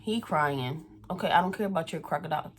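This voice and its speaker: A woman's voice: low-pitched, fast. A young adult woman telling a personal story in a casual vlog, blunt and full of swearing. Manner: blunt, profane, chatty storytelling. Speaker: vlogger.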